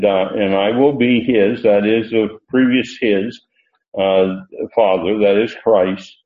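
A man teaching a Bible lesson, reading verses slowly and stressing key words, with frequent "uh" pauses. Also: on the low side. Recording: roomy lo-fi recording.

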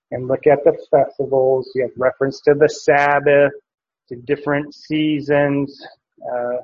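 Slow-talking guy preaching through bible verses, lots of uhs, dull lo-fi sound. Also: mid-range voice, breathy edge. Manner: unhurried, with frequent fillers and restarts. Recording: dull lo-fi recording.

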